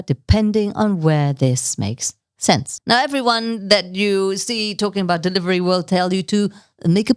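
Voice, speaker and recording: A woman leadership communication coach teaching to camera in an animated, playful way. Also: mid-range voice, no echo, clean studio sound. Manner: animated and expressive, playful asides with laughs. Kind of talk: direct-to-camera teaching talk.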